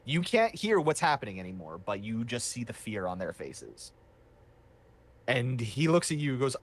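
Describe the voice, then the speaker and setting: A man's voice: mid-range voice, sing-song, normal speed. A man running a tabletop game as game master, narrating loosely with many fillers.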